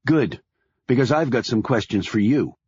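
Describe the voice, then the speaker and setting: A man's voice: medium pitch, expressive, moderate pace, a little mellow, husky, no room sound, lo-fi sound. A man voicing a defiant young female reporter who talks blunt and demanding.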